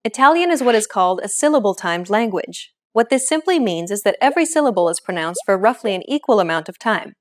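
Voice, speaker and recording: A woman hosting a language lesson, explaining pronunciation in clear, encouraging scripted narration. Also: mid-range voice, expressive, quick pace, hardly any pauses.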